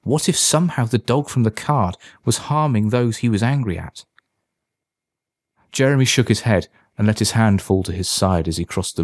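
A man narrating a dark story in a measured, dramatic way. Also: sits low, no echo, clean studio sound.

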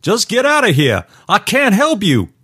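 A man's voice: mid-range voice, very animated, normal speed, dry recording, studio quality, pitched above the performer's own voice. A man voicing an earnest, impulsive young security guard in a storybook reading, speaking in an urgent, pleading manner.

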